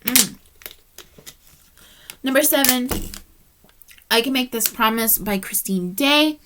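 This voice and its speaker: A woman's voice: fairly high pitch, sharp tone. A woman reviewing books in a casual vlog, chatty and heartfelt, tired and yawning as she rambles. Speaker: book reviewer.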